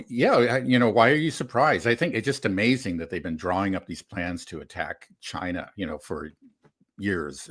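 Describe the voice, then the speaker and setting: Deep-voiced man, measured talk. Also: a bit bright, husky. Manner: measured, many fillers, laughs often. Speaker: co-host. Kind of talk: casual political chat.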